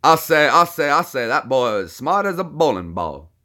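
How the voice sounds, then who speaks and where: A man doing a blustery, lecturing old gentleman with a put-on drawl. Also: fairly high pitch, big pitch swings, normal speed, voice pushed up.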